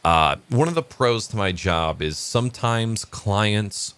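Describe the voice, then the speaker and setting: Man vlogger, low voice, lively pitch, loose rambling storyteller. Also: slow, clean tone. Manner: rambling, relaxed, many fillers. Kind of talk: casual joke telling and morning vlog.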